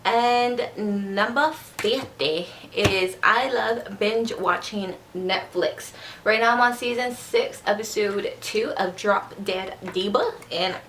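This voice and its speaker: Woman vlogger, Spanish native, mid-pitched voice, casual rambling chat, slight slur when quick, faint noise behind. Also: fairly bright tone. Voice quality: slurs words when talking fast. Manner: chatty, rambling, repeats herself. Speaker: beauty vlogger.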